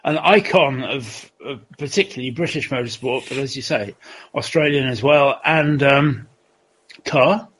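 A man in a casual chat who mostly agrees and sums up slowly. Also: medium pitch, a bit bright, slightly rough, rough recording.

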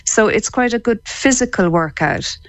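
An Irish woman, a psychotherapist, explaining laughter therapy as a radio guest, enthusiastic and quick to laugh. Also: on the high side, lively intonation, no echo, poor audio.

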